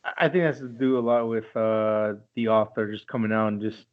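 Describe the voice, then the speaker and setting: A man's voice: fairly low pitch, fairly even intonation, fairly quick. A man co-hosting a casual chat show, loose and joking, swearing freely. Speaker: podcast co-host. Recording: dull lo-fi audio.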